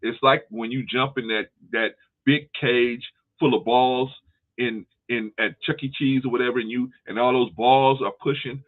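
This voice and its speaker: A man's voice: medium pitch, fairly even intonation, normal speed. A man hosting a casual discussion, explaining his points at length with everyday analogies and frequent restarts. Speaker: host. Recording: tinny phone line.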